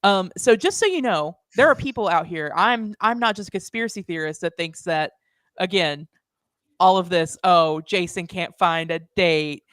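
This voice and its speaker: A woman's voice: medium pitch, animated, normal speed, fairly bright tone, dry recording. Sassy, joking female podcast guest. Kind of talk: casual podcast chat.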